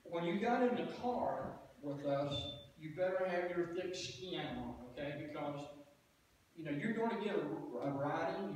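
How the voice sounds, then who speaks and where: A man's voice: on the high side, a little mellow, slight background noise. A man speaking at a funeral from the pulpit, telling joking, folksy stories with laughing asides. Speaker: eulogy speaker. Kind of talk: storytelling eulogy. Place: church pulpit. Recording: echoey room from a distant mic.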